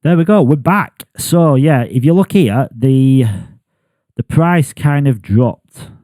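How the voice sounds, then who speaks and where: A man with a northwest English accent from Bolton talks casually to camera about his crypto channel, rambling and poking fun at himself. His voice is mellow and dark. The sound is dry and close, with no room echo. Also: medium pitch. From England. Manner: chatty, self-deprecating, rambling with fillers.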